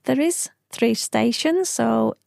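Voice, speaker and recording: A woman's voice: sits high, lively intonation, slow pace, creaky, darkish tone, dry recording, clean studio sound. A middle-aged woman from Yorkshire with a broad Yorkshire accent, chatting in an interview about her family and her home town. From Yorkshire, England. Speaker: charity founder, guest. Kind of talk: casual interview chat.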